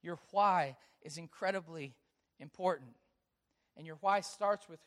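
A pastor with a notably high voice delivers a sermon, telling a family story with animated quoted dialogue before moving into scripture. He is a man who speaks in an engaging storytelling way. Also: unhurried.

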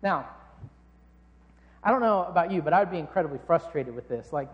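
Man, preacher, high voice, casual sermon, jokey, echoey hall. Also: animated, a little fast, muffled recording.

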